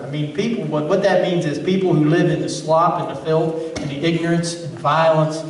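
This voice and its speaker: A man's voice: on the high side, moderate pace, darkish tone. A man preaching a sermon as pastor, earnest, often repeating words as he builds a point. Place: church sanctuary. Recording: roomy church sound from far off.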